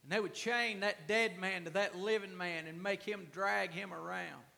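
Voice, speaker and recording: A man preaching a sermon, swinging between hushed asides and loud, drawn-out emphasis. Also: sits high, fairly even intonation, vocal fry, long reverb tail. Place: church.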